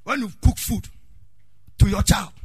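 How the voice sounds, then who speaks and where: A middle-aged Ghanaian man preaching a sermon as pastor, calling out to the congregation, shouting in a sing-song way and telling stories from his own life. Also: high-pitched, unhurried, husky, no echo.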